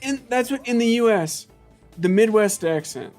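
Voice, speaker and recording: A man's voice: high-pitched, animated, normal speed, darkish tone, soft background music. A man co-hosting a casual group chat over a game stream, rambling and laughing often as he repeats himself mid-thought. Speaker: co-host.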